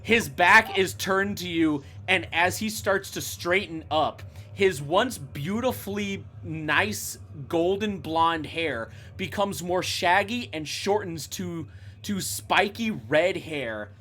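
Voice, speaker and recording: A man narrating as game master for a tabletop game, describing scenes slowly and correcting himself now and then. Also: high-pitched, expressive, sharp tone, faint music behind. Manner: slow, descriptive, with small self-corrections.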